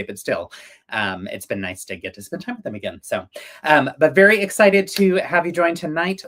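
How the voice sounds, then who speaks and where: A man's voice: mid-range voice, fairly bright tone. A man co-hosting a casual livestream chat, upbeat and chatty with many ums, on a video call setup. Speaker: livestream co-host.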